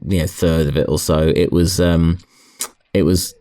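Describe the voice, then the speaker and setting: Casting: middle-aged man, very low voice, hesitant podcast co-host, casual chat. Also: little pitch movement, moderate pace, dark tone, smooth. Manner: hesitant, many restarts.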